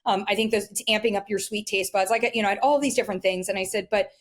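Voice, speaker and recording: Chatty animated woman dietitian. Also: mid-range voice, quick pace. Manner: animated, many fillers, acts out quotes. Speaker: registered dietitian guest. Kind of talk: casual interview storytelling.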